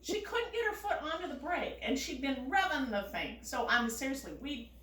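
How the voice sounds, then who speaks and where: A woman telling a casual family anecdote, animated and often laughing as she talks. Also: high voice, normal speed, roomy sound, far from the mic, a little hiss or hum. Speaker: storyteller.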